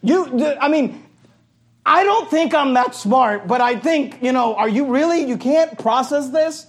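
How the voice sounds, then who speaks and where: A male pastor preaching a sermon in an animated, joking way, at times shouting. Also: very high-pitched, measured pace.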